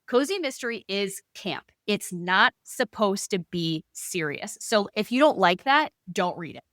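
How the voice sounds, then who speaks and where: Bright and forceful, a mid-range female voice comes through clean studio sound with no echo. She's a podcast co-host talking books in a lively, casual way, sprinkling in "like" and now and then a curse word.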